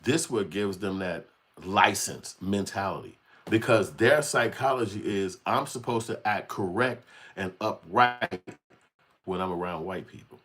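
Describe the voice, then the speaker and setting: A man's voice: deep voice, measured pace, a bit bright. A man giving a blunt, heated commentary, cursing freely and acting out other people's voices. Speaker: channel host. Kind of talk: unscripted commentary rant.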